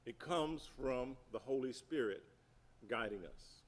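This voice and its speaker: Speaking at a seminary gathering, this middle-aged man teaches about church projects with emphasis, asking the audience questions and going back over his main points. His voice is medium-pitched with lively intonation and a measured pace.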